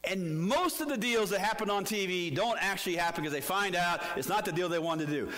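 A man's voice: high-pitched, fairly quick, few pauses, fairly bright tone. A man preaching a sermon as pastor, telling a story with animation and putting questions to the congregation.

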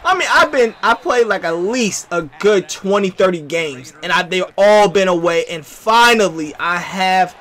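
A young man from the US West Coast riffs over his football game with a high, lively voice that jumps all over. His tone is bright and forceful, and he tosses out slang and trash talk at his opponents between plays. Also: moderate pace, few pauses. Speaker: gaming commentator. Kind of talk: casual gameplay commentary.

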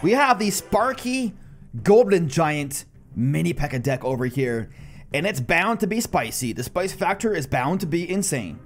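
A man in his thirties giving goofy, self-mocking live commentary over a mobile game, often dropping into silly low voices. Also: sing-song, normal speed, faint music behind. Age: 30s. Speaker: gaming YouTuber.

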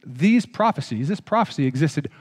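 Male pastor, slightly higher voice, preaching in a chatty, joking way; echoing hall. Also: animated, normal speed, breathy edge. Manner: conversational, joking asides, checks in with listeners. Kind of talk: sermon. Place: church hall.

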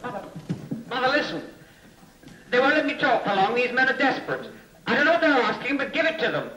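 A man's voice: very high voice, sing-song, brisk, sharp tone, heavily acted. An actor playing a terrified man pleading for his life on a tape recording played in court, his voice strained and desperate. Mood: pleading, panicked. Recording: distant echoey tape playback with faint hiss.

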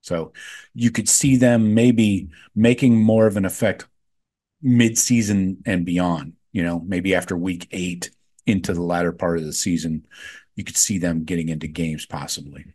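A man's voice: low voice, fairly even intonation, moderate pace, mellow, husky. A man hosting a sports podcast, chatting casually with lots of fillers and frank opinions. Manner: offhand, filler-heavy, gives frank opinions.

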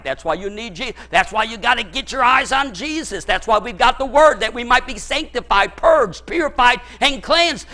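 High, bright-voiced preaching man. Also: expressive, moderate pace, hardly any pauses. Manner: emphatic preaching with repetition, rising to shouts; folksy, addresses the congregation directly. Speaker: pastor. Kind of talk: sermon.

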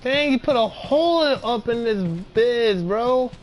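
A man hosting a gaming channel, giving excitable let's play commentary, yelling and trash-talking at enemies in the game. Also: very high-pitched, takes it slowly, hardly any pauses. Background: game music.

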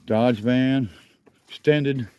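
In casual walk-around commentary, a male vlogger tours a junkyard outdoors on camera, naming vehicles in an enthusiastic ramble while a little winded. His mid-range voice is smooth and darkish, and he speaks extremely slowly.

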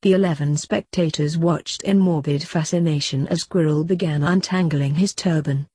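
A woman reading fanfiction aloud in a steady, even narration. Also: sits low, moderate pace, slightly rough, no room sound. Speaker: fanfiction reader.

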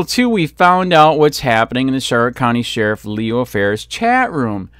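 Furious ranting man, lively pitch. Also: normal speed, few pauses, clean tone, no echo, studio quality. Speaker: copwatch vlogger. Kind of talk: angry ranting commentary.

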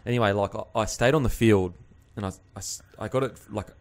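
Young male host, casual rambling storyteller, low-pitched. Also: a little fast. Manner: rambling storytelling, says bro a lot. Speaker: podcast host, rugby league player. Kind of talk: casual chat.

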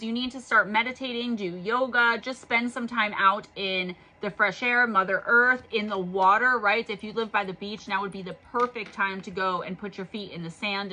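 A woman's voice: mid-range voice, sharp tone, poor audio. A woman giving an intuitive tarot reading in an earnest, urging way, her voice worn from reading all day. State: losing her voice. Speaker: tarot reader.

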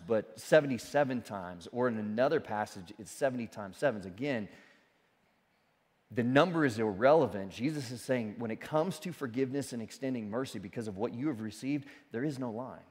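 A man preaching a sermon as pastor, speaking with animated emphasis and joking asides. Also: a little high. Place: church sanctuary. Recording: church sanctuary with long reverb.

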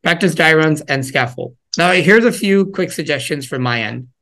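A man leads a relaxed parenting workshop in a plain conversational way. His voice sits a little high for a man. Now and then he slips into quick acted lines for a parent or a child. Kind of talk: casual talk to parents.

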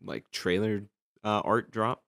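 Low-voiced young man rambling on a podcast. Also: steady tone, slow pace, creaky, fairly bright tone, no room sound, studio quality. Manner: rambling storytelling with many fillers and restarts. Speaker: podcast host. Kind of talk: casual podcast chat.

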